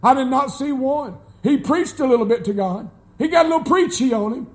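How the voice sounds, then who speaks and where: A male pastor, preaching a folksy, emphatic sermon that climbs to shouts, recorded live in church. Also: very high-pitched, fairly quick.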